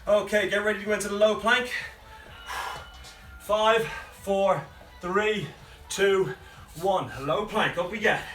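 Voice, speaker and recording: This home-workout coach talks slowly in a high, fairly bright voice with a steady tone, panting as he counts reps down and encourages. Faint music plays behind the roomy, distant-mic recording.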